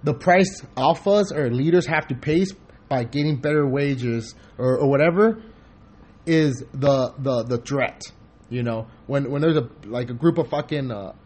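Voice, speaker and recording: A man hosting a podcast in casual chat, rambling and profane, telling animated stories. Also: medium pitch, husky. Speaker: podcast host.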